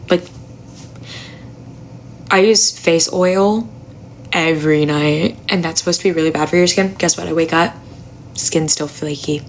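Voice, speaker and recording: A young woman chatting on a phone livestream at home, talking quietly with a raspy, gravelly voice, blunt and chatty. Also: fairly low pitch, a little hiss or hum, poor audio. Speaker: livestreamer answering chat. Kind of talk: casual live stream chat. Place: home apartment at night.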